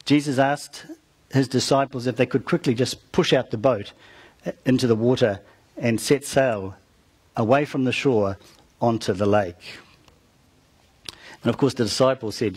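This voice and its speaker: A man's voice: mid-range voice, a little slow, pauses often, darkish tone, husky. A man preaching, retelling a story to his congregation and calling out to them as he goes. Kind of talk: storytelling sermon.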